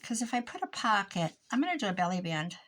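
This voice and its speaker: A woman's voice: medium pitch, big pitch swings, quick pace, fairly bright tone, slight background noise, low-quality recording. A middle-aged woman with a Midwestern American accent, chatting casually to her viewers while she crafts in her craft room, rambling and laughing often. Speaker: crafting vlogger.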